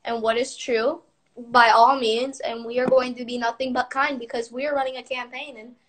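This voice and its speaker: High-voiced woman rallying her followers. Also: level tone, moderate pace, a little hiss or hum. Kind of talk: livestream address to followers.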